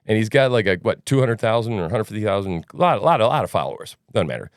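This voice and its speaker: A man's voice: fairly low pitch, big pitch swings, fast talker, dry recording, clean studio sound. A man hosting a news commentary podcast, talking casually in a rambling, sarcastic way. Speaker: podcast host.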